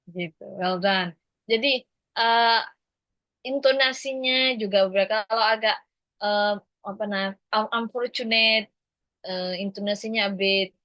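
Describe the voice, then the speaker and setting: Slow-talking Indonesian-accented woman teacher. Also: mid-range voice, no echo, muffled recording. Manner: hesitant, many fillers and code-switching. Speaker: English teacher. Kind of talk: classroom teaching.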